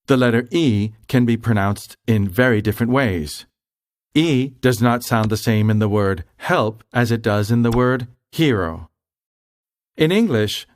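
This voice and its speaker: A man reads a grammar lesson aloud at an unhurried pace, explaining each point with care. His pitch rises and falls a good deal. The sound is close and dry, with no room around it. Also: no echo. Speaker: language tutor. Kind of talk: scripted instructional narration.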